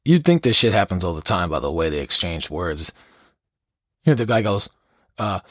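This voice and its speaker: A low-voiced man hosts his own podcast, tearing through weird news with swearing and laughter. His voice leaps up and down as he gets worked up. The recording is close and dry. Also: normal speed, pauses often, dry recording. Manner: profane, animated, laughing storyteller. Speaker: podcast host. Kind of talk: casual solo podcast news commentary.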